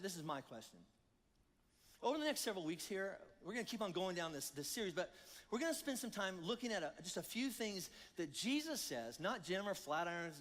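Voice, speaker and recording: A male pastor preaching a sermon in a lively, conversational way, acting out the voices of his listeners. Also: sits high. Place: church hall. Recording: long church hall reverb.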